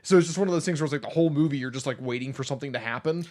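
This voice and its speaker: A man's voice: medium pitch, racing, a little mellow. A man co-hosting a podcast in casual chat, rambling through a fan theory with enthusiasm. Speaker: podcast co-host.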